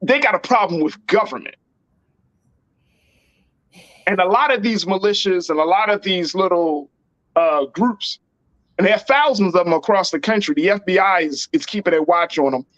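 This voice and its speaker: A man's voice: high-pitched, lively intonation, brisk, fairly bright tone, no echo, dull audio. A man hosting a political talk show, speaking in an emphatic, slangy and repetitive way. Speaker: host.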